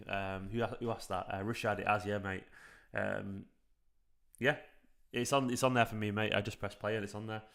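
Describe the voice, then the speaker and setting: Raspy man in his thirties, hushed half-whispered talk, low gravelly voice, streaming at home on a mic. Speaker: fan channel host streaming a match watchalong. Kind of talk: casual live chat with viewers. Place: at home late at night. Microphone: streaming microphone.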